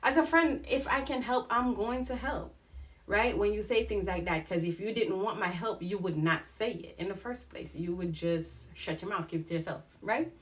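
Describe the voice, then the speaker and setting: A young woman talking candidly to camera in a personal vlog, frank and animated, about her own life. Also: mid-range voice, normal speed. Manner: frank, animated, mimics others in quoted asides. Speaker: vlogger.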